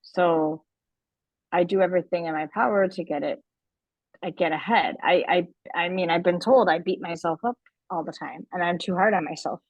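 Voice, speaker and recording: A woman teacher sharing her struggles in a group call, speaking haltingly and repeating words as she looks for them. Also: lowish voice, no echo, muffled recording.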